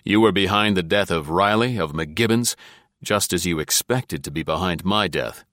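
A man reading the lines of a calm young American agent in a cool, curt manner. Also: sits low, moderate pace, no room sound, studio quality.

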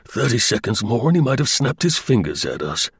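A man voicing a calm, shrewd British intelligence officer in an audiobook reading. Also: mid-range voice, fairly quick, husky, dry recording, clean studio sound, heavily acted. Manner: imperturbable, dryly confident. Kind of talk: audiobook character voice.

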